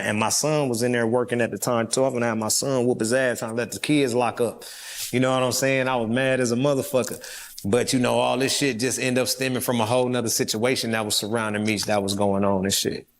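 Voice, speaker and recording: A middle-aged man, a guest in an interview, telling a story in a blunt, streetwise way and swearing freely. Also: medium pitch.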